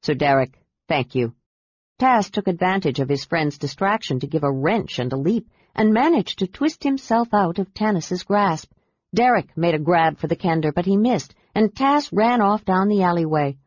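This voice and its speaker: A woman narrating a fantasy audiobook in an even, clear storytelling manner. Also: fairly low pitch, normal speed, no echo. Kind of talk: scripted narration. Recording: dull dry audiobook recording.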